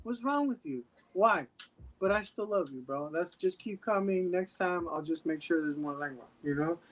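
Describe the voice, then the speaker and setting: A man voicing a tipsy, emotional man who scolds a cousin at a family party with loud, bantering, affectionate insults. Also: high-pitched, lively intonation, moderate pace, dull audio. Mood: tipsy scolding.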